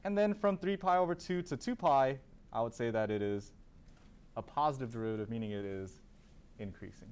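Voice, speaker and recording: Brisk and smooth, with a medium-pitched, slightly mellow voice, a man delivers a calculus lecture. He asks the students questions, answers them himself, and repeats key terms.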